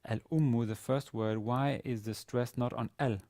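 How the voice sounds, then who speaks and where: A man's voice: mid-range voice, fairly even intonation, unhurried, darkish tone, dry recording. A man teaching a university class on classical Arabic grammar, explaining step by step with frequent fillers and restarts. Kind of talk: recorded university lecture.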